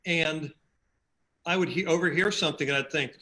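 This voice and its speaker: Bright-voiced man telling stories. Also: a little high, moderate pace. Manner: storytelling, acts out quotes in animated voices. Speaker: podcast guest, team leader. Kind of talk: casual chat.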